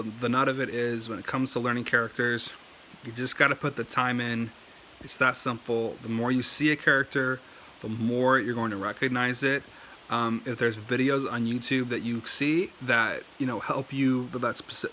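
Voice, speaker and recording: A language learner with a sharp-toned, mid-range voice talks casually to camera, sharing tips on learning written characters. He rambles, leans heavily on "like" and "um," and coughs now and then, with a slight hiss or hum in the recording.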